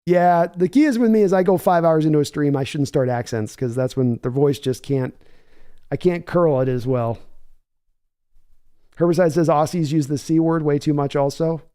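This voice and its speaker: A man hosts a live game reaction stream with a slightly higher pitch and a mellow, soft tone. He rambles through opinionated analysis and stops to read viewer chat aloud, answering each comment in a casual, conversational way. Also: moderate pace, clear, resonant tone. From United States. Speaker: livestream host.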